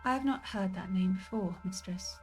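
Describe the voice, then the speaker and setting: Casting: woman reading a proper, dry-spoken robot servant for a story game, formal and matter-of-fact, at a middling pitch. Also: moderate pace, a little mellow, faint music behind, close to an everyday voice.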